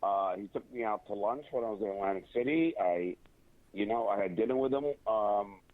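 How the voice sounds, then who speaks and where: A man's voice: fairly low pitch, no echo. An opinionated man on a phone call, stumbling through restarts and fillers as he makes his point. The line is thin and tinny, and the sound is dry and close. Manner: halting, many restarts and fillers. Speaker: guest. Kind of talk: casual interview over a phone line.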